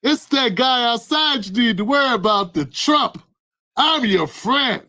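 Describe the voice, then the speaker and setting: A man's voice: very high-pitched, expressive, a little slow, sharp tone, full character voice. A man acting out a condescending male home invader who pretends to be a helper, in a mock-soothing tone. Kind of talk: acted-out skit in a commentary vlog.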